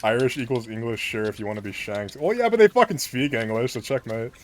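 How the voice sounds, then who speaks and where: A man's voice: mid-range voice, animated, fast. An American man streaming a game with friends, brash and jokey, swearing freely in casual chat. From United States.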